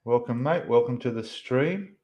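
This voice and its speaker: A man's voice: mid-range voice, expressive, normal speed, a little mellow. A man hosting a casual livestream, rambling as he answers viewers' chat messages. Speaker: livestream host.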